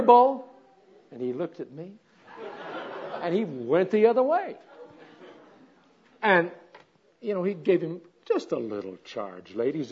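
A man with a slightly higher voice than most tells a folksy sermon story in a plain, chatty way. Now and then he bursts into loud, animated exclamations. The recording sounds dull and lo-fi. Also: slightly rough. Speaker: speaker at a women's gathering.

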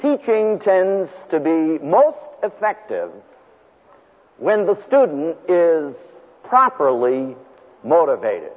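A man lectures as a seminary professor, punching single words and leaving long pauses. His voice sits fairly high and swings widely in pitch, with a husky edge. The recording is thin and lo-fi, with long reverb from a large hall. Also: big pitch swings.

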